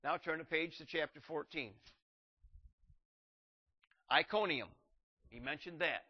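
A male pastor preaching a sermon, reading scripture aloud and raising his voice to drive points home. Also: unhurried. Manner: rises in pitch and volume to drive points home; reads scripture aloud in King James wording. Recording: muffled lo-fi recording.

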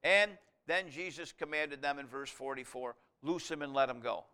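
A man preaching a sermon, reading scripture aloud and explaining it verse by verse, rising to loud emphatic passages. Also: a little high, normal speed, clear, resonant tone. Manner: expository Bible teaching, reads scripture aloud, swells loud on key lines.

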